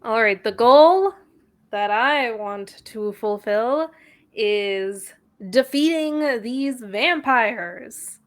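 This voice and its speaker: A woman's voice: a little high, animated, extremely slow. A woman player in a tabletop game, casually asking questions about rules. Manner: casual, asks rule questions.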